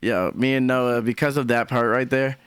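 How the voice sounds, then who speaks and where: A man with a deep, smooth voice hosting a casual live-stream commentary, rambling and swearing freely. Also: normal speed, fairly bright tone, no echo, clean studio sound. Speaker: livestream commentary host.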